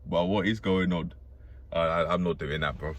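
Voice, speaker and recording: A man with a very low voice thinks out loud, drifting between ideas and swearing casually as he goes. He sounds as though he is talking to himself more than to an audience. He speaks from the seat of a parked car. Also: fairly even intonation, normal speed, slight background noise. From Britain. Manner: musing, profane, talks to himself and jokes. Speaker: vlogger. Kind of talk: rambling self-talk monologue.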